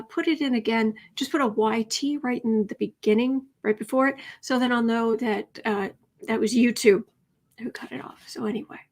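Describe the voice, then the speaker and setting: Brief: middle-aged woman, livestream host, a bit high-pitched, chatty and rambling. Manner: chatty, rambling, greets chat viewers by name. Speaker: tarot reading livestream host. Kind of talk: casual livestream chat.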